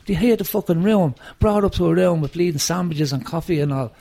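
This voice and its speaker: A musician with a Dublin accent speaks in a gravelly, creaky voice. He tells stories in a casual, profane and animated way, often leaning on "you know" and "right?". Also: a little high, fast talker. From Ireland, Dublin. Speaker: musician guest. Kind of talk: casual conversation, storytelling.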